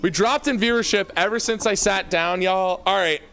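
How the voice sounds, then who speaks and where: This livestream host, a young Canadian, broadcasts casually from a basement room at home while faint music plays. He talks at a normal speed in a high, slightly bright voice with vocal fry, hyped up and chatting straight to viewers, whom he calls "baby" and "y'all."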